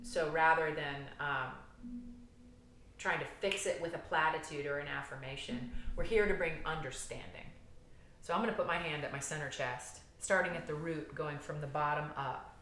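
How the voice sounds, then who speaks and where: A woman therapist guiding a somatic healing exercise, calm and gentle, explaining step by step with frequent fillers. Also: low voice, normal speed, roomy sound, slight background noise.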